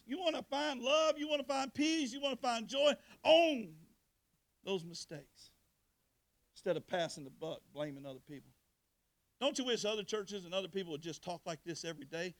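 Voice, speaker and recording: Gravelly high-voiced preacher. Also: male voice, lively intonation, moderate pace. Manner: preaching with call-and-response to the congregation; colloquial Southern speech. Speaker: pastor. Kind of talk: sermon.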